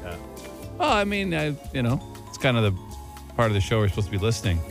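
A man co-hosting a radio show in casual banter, agreeable and chatty, often answering with quick "yeah, yeah". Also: mid-range voice, sing-song, gravelly, faint music behind. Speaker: radio co-host.

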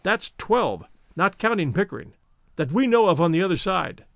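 A man's voice: high-pitched, very animated, moderate pace, fairly bright tone, no room sound, studio quality, full character voice. A man voicing a jovial, boisterous Irish fighter who teases his foes, read aloud as part of a story. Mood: jovial, teasing. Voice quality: boisterous, mocking.

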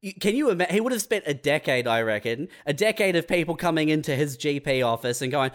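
A man from New Zealand co-hosting a casual comedy chat, telling animated stories full of swearing and jumpy put-on voices. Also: fast talker. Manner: animated storyteller, swears freely, acts out jumpy high-pitched quoted voices. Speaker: podcast co-host.

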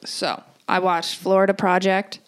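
Woman, podcast co-host, casual chat, blunt, swears a lot, mid-pitched voice. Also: unhurried, clear, resonant tone. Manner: blunt, swearing, animated when ranting.

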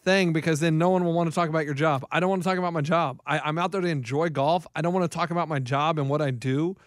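A man hosting a radio podcast in a casual chat, asking quick questions and going off on jokey tangents. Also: fairly high pitch, steady tone, dry recording, studio quality.

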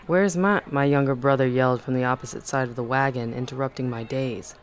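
A man narrating a first-person memoir in an even, measured reading voice. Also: medium pitch.

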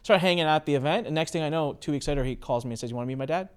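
A man hosting a podcast, telling anecdotes in casual conversation and acting out quoted exchanges with sudden jumps in pitch. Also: very fast, smooth. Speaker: podcast host.

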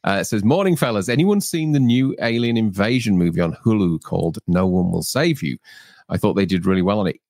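A man's voice: fairly low pitch, brisk, dry recording, studio quality. A man with a Scottish accent, co-hosting a casual live-stream chat on a call and telling stories with lots of chuckles. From United Kingdom. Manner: lively storyteller, chuckles a lot.

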